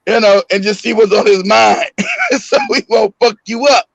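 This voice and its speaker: Raspy high-voiced man telling a wild story. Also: normal speed, no echo, rough recording. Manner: animated, acts out quotes with shouting; swears freely, laughs often. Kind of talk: casual storytelling on a livestream.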